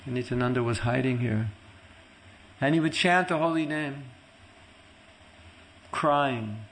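A man teaching a devotional class in a conversational way, telling stories and quoting others, at times softly repeating a chanted mantra. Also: mid-range voice, unhurried, low-quality recording. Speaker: spiritual teacher giving a class.

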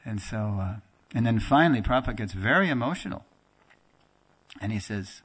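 A man teaching a religious class, telling a story in a lively conversational way and acting out the dialogue. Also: mid-range voice, brisk, pauses often, husky. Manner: animated storyteller, acts out quoted dialogue; conversational with fillers and restarts, laughs now and then. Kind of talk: storytelling lecture.

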